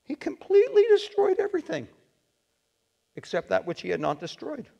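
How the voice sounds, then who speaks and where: A male pastor preaching a sermon in a church, animated and acting out the quotes he reads. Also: very high-pitched, moderate pace, creaky, lo-fi sound. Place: church sanctuary. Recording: long reverb of a church sanctuary.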